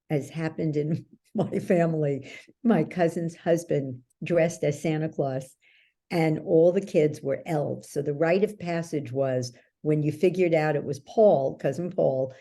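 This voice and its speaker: Speaking in a deep, mellow voice at an unhurried pace, a woman guest who coaches belief change lays out her ideas in an interview. She tells stories and frequently checks in with whoever is listening.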